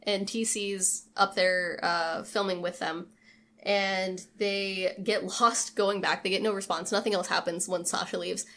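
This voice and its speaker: A woman co-hosting a podcast, recapping a film in a casual, animated way, acting out quotes and swearing freely. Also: medium pitch, a little slow. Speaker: podcast co-host.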